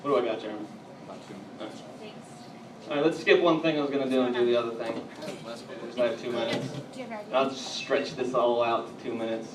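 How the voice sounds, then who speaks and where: A man doing a stand-up comedy routine on a club stage, telling edgy jokes and bantering with the crowd, at times getting loud. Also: medium pitch, animated, brisk, long pauses. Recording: echoey, distant, noisy live room.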